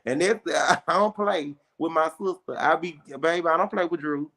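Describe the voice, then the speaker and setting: A young adult woman, a guest on a casual chat show, telling a story in an animated way with plenty of slang. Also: deep voice, moderate pace.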